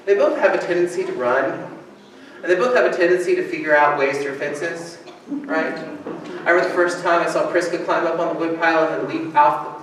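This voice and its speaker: A male pastor preaching a sermon and telling stories with lively delivery, now and then acting out the people he quotes. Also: a little high. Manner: animated storytelling, acting out quoted voices. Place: church sanctuary. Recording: echoey church from far off, with faint hiss.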